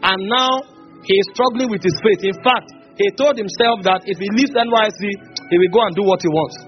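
High-voiced preacher, shouting. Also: male voice, brisk. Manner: preaching with shouts and tongues, dramatic storytelling. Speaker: pastor. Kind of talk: sermon. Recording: dull lo-fi sermon recording with music.

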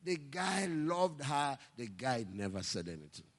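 A male pastor preaching a sermon, telling stories and building to impassioned shouts. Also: medium pitch, sing-song, measured pace, in a large hall.

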